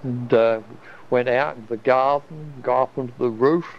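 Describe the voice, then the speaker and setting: A man's voice: mid-range voice, steady tone, moderate pace, slight background noise. A man, telling a personal story in a rambling, wondering way, often restarting his sentences. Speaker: storyteller recalling an experience. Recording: dull lo-fi recording.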